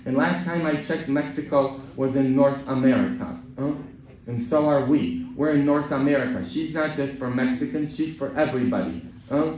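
A man from Poland, a Catholic priest, delivering a sermon with jokes and frequent questioning "huh?" asides, moving from quiet talk to loud, emphatic lines. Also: fairly high pitch, normal speed, distant mic. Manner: preaching and joking, often ending lines with a questioning "huh?". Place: large church. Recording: echoey church heard from afar.

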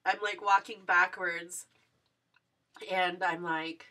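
A woman's voice: on the low side, fairly even intonation, slow, pushed and bright, distant mic. A young woman vlogger gushing through a personal story, full of fillers and giggles.

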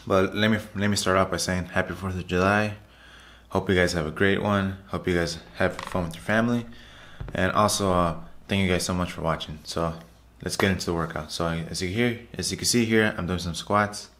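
In a voice that sits low and a bit bright, with fairly even intonation and a brisk pace, a fitness vlogger chats over his workout clips as a casual voiceover. He repeats himself, keeps it loose, and keeps calling out "guys" to his viewers.

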